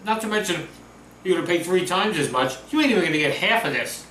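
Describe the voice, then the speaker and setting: A man's voice: high-pitched, expressive, quick pace, bright, forceful tone, distant mic, a little hiss or hum. A man chatting casually through a home cooking demo, upbeat and talkative. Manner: chatty, upbeat, talks with mouth full. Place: home kitchen. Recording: roomy echo, voice from off-mic. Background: sizzling food on a grill.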